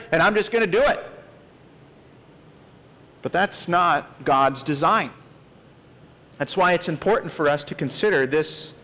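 A man's voice: fairly high pitch, fairly bright tone. A man in his late thirties preaching a sermon as pastor, earnest and emphatic, stressing key words. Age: 30s.

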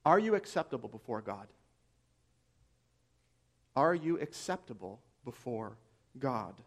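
A man's voice: mid-range voice, sing-song, unhurried. A man preaching a sermon as pastor, earnest and emphatic, posing rhetorical questions to his listeners.

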